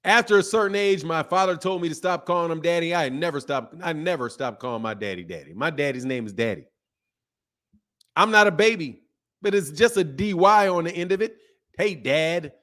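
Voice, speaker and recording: A man hosting a boxing channel, chatting casually and reading viewer comments aloud, animated and emphatic with slangy talk and frequent laughs. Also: a little high, fairly quick.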